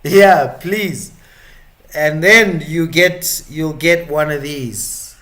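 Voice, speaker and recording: A man's voice: fairly high pitch, drawn-out words, pushed and bright, slight background noise. A South African man hosting a live stream, chatting and joking in a rambling, casual way.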